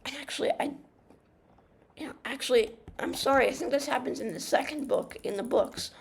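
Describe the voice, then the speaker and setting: A woman's voice: high-pitched, a little fast, creaky, slightly rough. A young woman giving casual gaming commentary, rambling and ranting through a story retelling with many fillers, restarts and swearing. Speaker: gamer.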